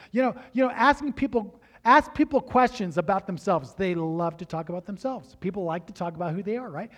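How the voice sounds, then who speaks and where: Animated high-voiced man preaching. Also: a little fast, hardly any pauses. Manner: animated storytelling, acts out dialogue. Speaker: pastor. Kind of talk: sermon with personal story.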